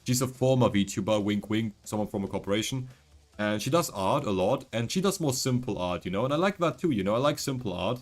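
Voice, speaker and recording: A man's voice: on the low side, animated, fairly quick. Rambling male streamer, non-native English. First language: not English. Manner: rambling, thinking aloud with many fillers. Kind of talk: casual gaming stream chat.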